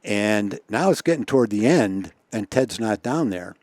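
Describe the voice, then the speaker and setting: Guest storyteller, male, mid-pitched, chuckling, dry close sound. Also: lively intonation, moderate pace, a little mellow, no room sound. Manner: chuckles often, repeats words while telling stories. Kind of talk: casual anecdote telling.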